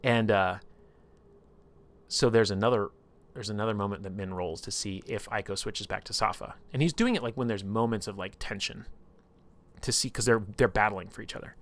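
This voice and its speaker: A man's voice: fairly low pitch, fairly quick. A man casually retelling a story on a livestream, rambling and swearing often.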